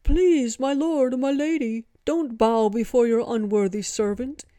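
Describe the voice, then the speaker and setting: A woman reading a storybook, voicing a booming, formal male monkey god who speaks with great reverence. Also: measured pace, dark tone, no room sound, studio quality, close to an everyday voice. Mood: booming devotion.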